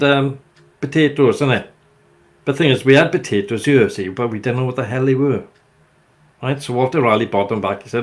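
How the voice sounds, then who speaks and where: An older man with a Welsh accent, hosting a casual chat and telling rambling, jokey stories. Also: mid-range voice. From Wales. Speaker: host.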